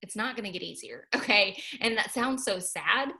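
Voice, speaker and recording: A woman's voice: mid-range voice, expressive, moderate pace, pushed and bright. A young woman giving an earnest, chatty motivational talk, full of "like" and "y'all.". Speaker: motivational speaker.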